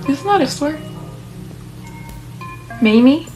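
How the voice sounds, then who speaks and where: A young woman narrating a story game in a mid-pitched voice, breaking off for chatty, playful comments. Faint music sits under her reading. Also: fairly even intonation, moderate pace, pauses often, poor audio. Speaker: reader of an interactive story game. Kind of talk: casual story reading with asides.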